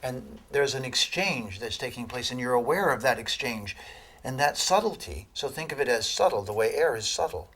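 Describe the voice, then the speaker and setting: A man giving a lecture on Ayurveda to an audience, telling animated stories and laughing at his own jokes. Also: medium pitch, normal speed. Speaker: Ayurveda teacher.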